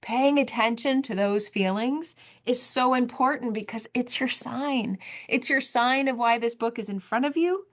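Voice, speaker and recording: A woman's voice: a little high, measured pace, few pauses, fairly bright tone. A woman in her forties hosting a solo podcast, talking in an earnest, heartfelt way and repeating phrases for emphasis. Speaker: podcast host.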